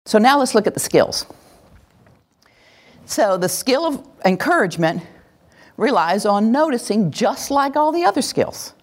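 A woman's voice: a little high, a little slow, pauses often. A woman presenter giving an interactive teaching talk to a live group in a room, acting out cheering voices as she talks. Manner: animated, acts out cheering voices. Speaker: workshop presenter.

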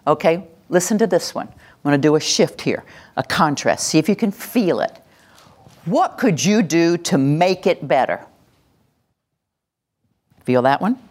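Workshop presenter: a woman with a low voice who acts out phrases and leads call-and-response. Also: lively intonation, normal speed, darkish tone. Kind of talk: live workshop talk to an audience.

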